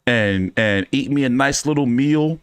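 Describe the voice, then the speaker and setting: A man hosting a casual fan chat, telling stories in an animated, profane way with many fillers. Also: mid-range voice, a little slow, clear, resonant tone, dry recording. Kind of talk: casual storytelling to a live chat.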